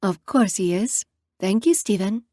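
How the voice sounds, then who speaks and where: A woman voicing a lively young woman with a bubbly, upbeat manner, in a romance audiobook. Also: medium pitch, a little slow, no room sound, studio quality, natural voice. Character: young woman, lively rich party girl.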